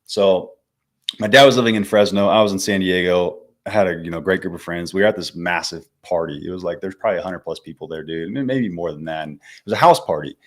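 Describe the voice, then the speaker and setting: A man's voice: deep voice, fast talker. A man in his twenties from California, a podcast guest telling stories in a laid-back, slangy way, calling the host man and bro. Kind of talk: casual storytelling interview.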